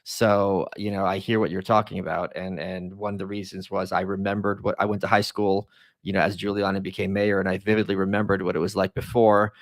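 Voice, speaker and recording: A man in casual podcast chat, making wry, measured arguments. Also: low-pitched, level tone, no room sound. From New York. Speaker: guest.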